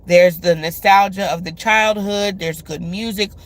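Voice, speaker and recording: A woman's voice: lowish voice, steady tone, measured pace. A woman hosting a love reading, talking casually to her viewers with lots of filler words. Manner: chatty, many filler words; speaks to viewers directly.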